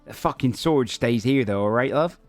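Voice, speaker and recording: A man voicing a loud, coarse halfling gang thug who shouts and uses slang. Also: mid-range voice, moderate pace, soft background music, natural voice. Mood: threatening.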